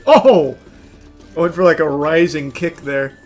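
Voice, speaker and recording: A man giving live gaming commentary, breaking into excitable shouted outbursts and profane, self-mocking asides. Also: a little high, unhurried, soft background music. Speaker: gaming streamer.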